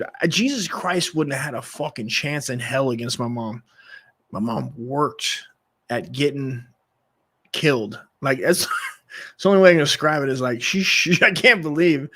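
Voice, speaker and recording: A man's voice: medium pitch, fairly bright tone. A man telling a rambling, profane personal story in casual monologue, with frequent restarts and laughs.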